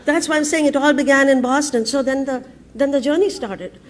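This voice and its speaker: A woman tells her story to a conference audience. She speaks in a fairly high voice, laughing often, breaking off and restarting her sentences. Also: a little fast, a faint crowd. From India. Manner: lively, laughing, frequent restarts and fillers. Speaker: entrepreneur giving a conference talk. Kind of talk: humorous storytelling talk. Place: conference stage before an audience.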